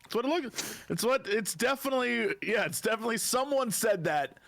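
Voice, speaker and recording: A man's voice: very high voice, animated, fairly quick, creaky, a bit bright, dry recording. A man hosting a podcast, riffing and joking playfully with his guests. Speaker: podcast host. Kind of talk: casual chat.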